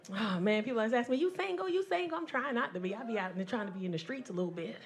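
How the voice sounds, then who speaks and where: A woman in her forties performing stand-up comedy, telling brash, profane stories loudly and acting out other people's voices. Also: medium pitch, rapid-fire, slight background noise. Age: 40s. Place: comedy club stage. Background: audience laughter.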